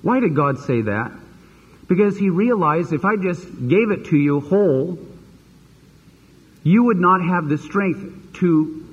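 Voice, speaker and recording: A man preaching a sermon as pastor, animated and acting out the voices he quotes. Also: sits high, unhurried, pauses often, breathy edge. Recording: dull lo-fi sermon recording with long reverb.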